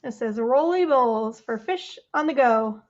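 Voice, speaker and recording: Woman, children's librarian, storytime reading, animated, chatty, high voice, slow pace. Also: muffled recording. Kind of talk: storytime read-aloud for children.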